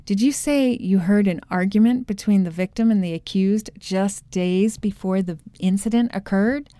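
A woman's voice: medium pitch, moderate pace, dark tone, no echo, close to an everyday voice. A woman reading as a pressing courtroom questioner. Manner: probing, insistent questioning.

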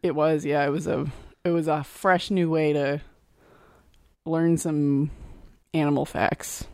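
A podcast co-host chatting casually in a teasing, deadpan way. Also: mid-range voice, slow pace, smooth, no echo, studio quality. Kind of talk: casual chat.

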